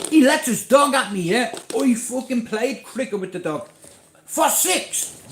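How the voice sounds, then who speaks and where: High-voiced Irish man telling stories. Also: measured pace, reverberant, a little hiss or hum. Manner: blunt, swearing, animated storyteller. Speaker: livestreamer. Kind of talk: profane storytelling on a livestream.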